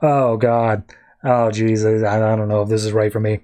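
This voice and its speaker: A man's voice: lowish voice, level tone, normal speed, mellow, voice pushed down, lightly acted. A man voicing a battered, powerless male superhero who talks in a strained, determined way. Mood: weary.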